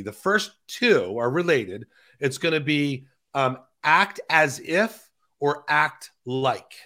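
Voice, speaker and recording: Bright-voiced man explaining step by step. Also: fairly high pitch. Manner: talks slowly through key phrases, many restarts. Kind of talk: conversational explainer.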